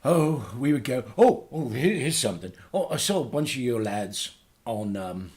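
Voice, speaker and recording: A man's voice: mid-range voice, sing-song, moderate pace, close to an everyday voice. A man playing a boastful aging British punk singer with a Liverpool accent, who guest hosts a radio show in a rambling, hesitant way. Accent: Liverpool English. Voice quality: rambling, hesitant, full of fillers. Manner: bursts into loud ranting. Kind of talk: comic radio character chat.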